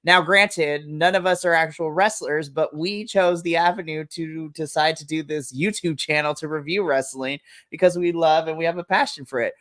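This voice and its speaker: Male podcast co-host, highish, dry close sound, enthusiastic chatty recapper. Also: normal speed, few pauses, a bit bright, no echo. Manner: gushing, enthusiastic storyteller. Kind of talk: casual recap chat.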